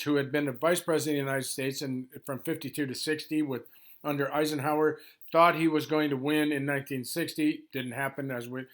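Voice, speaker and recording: A gravelly-voiced man in his sixties giving an informal history overview, rushing through it with many ums and restarts. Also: on the high side, fairly bright tone. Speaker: history presenter.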